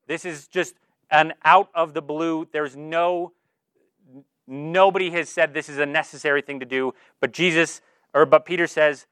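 A man's voice: a little high, fairly even intonation, normal speed, a bit bright, smooth, dry recording. A man preaching in an earnest, informal way, using lots of "like" as he talks through a scripture passage. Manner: earnest, informal, filler-heavy with "like". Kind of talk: conversational sermon.

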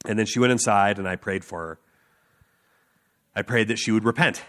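A man preaching a sermon, telling a personal story with earnest emphasis, filler words and quick laughs. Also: fairly low pitch, fairly bright tone. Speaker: street preacher.

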